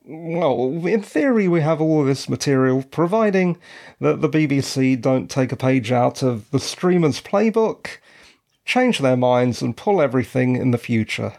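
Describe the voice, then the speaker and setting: A man's voice: mid-range voice, expressive, measured pace, vocal fry, a little mellow. A man from the UK hosting his own podcast, talking casually with wry asides, his voice cracking slightly. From United Kingdom. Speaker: podcast host. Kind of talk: casual solo podcast talk.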